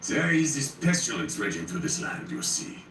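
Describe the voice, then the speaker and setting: A smooth, well-mannered plague doctor speaks with courteous menace, as a man puts him on in a horror story. The voice rides higher and lively, in a roomy space, picked up from a distance with faint noise behind. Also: normal speed. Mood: polite. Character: polished, polite sinister plague doctor, adult man.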